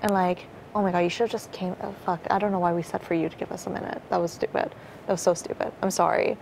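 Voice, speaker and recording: A woman's voice: fairly low pitch, fairly even intonation, quick pace, vocal fry, a little mellow, slight background noise, poor audio. A young woman talking strategy in a casual, rambling way, full of fillers and swearing. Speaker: reality show contestant.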